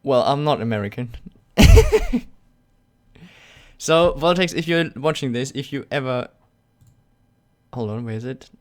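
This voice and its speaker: A man's voice: medium pitch, normal speed. Sarcastic German man on a live stream. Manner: sarcastic, joking, laughs often. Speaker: YouTube channel host. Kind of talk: casual live-stream Q&A, reading chat aloud.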